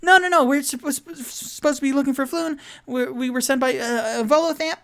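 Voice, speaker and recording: A man voicing a frantic young male adventurer in a tabletop game, whiny and stammering in a high put-on voice. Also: normal speed, a bit bright. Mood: flustered. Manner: panicky, flustered denials.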